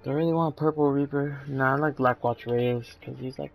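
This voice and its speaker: A tired young man giving casual, low-key gameplay commentary into a headset mic, trailing off with fillers. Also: little pitch movement, moderate pace, hardly any pauses. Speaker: gaming YouTuber. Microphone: gaming headset mic.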